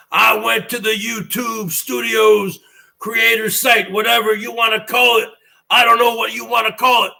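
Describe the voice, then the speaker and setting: A man shouting a wrestling-style promo to camera with preacher-like boasting, taunting trolls. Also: high-pitched, creaky. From Washington state. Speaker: YouTube channel host.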